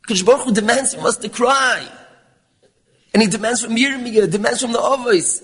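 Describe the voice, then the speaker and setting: A man giving a sermon, mixing English with Hebrew and Yiddish terms, dropping low and then rising into pleading calls. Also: fast, fairly bright tone, breathy edge. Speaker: rabbi giving a talk. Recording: long hall reverb.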